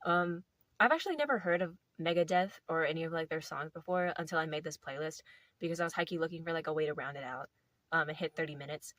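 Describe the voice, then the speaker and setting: Young woman, casual vlog, rambling and playful, lowish voice, bright dry tone. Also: fast, no room sound. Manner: rambling, heavy filler words, playful. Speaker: video host.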